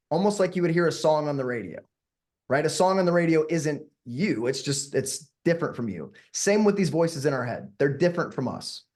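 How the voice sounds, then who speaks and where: A man, a hypnotist and workshop leader, teaching and then guiding a meditation, speaking slowly and soothingly and asking the audience questions. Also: on the high side, a little mellow.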